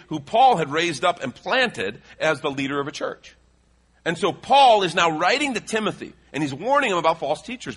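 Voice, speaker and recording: A man's voice: a little high, pushed and bright, slight background noise. A male pastor from the Chicago area preaching a sermon, reading scripture aloud and adding joking asides.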